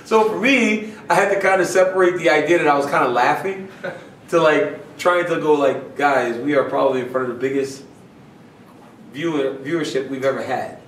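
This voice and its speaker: A man being interviewed, telling a story in a lively, casual way, laughing often and acting out what people said. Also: on the high side, moderate pace, roomy sound, far from the mic, a little hiss or hum, low-quality recording. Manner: animated, laughing, acts out quotes. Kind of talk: casual storytelling in a media scrum.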